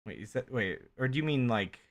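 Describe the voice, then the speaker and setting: A man's voice: mid-range voice, lively intonation, a little fast. A male streamer chatting casually on a livestream, rambling, interrupting himself and laughing often.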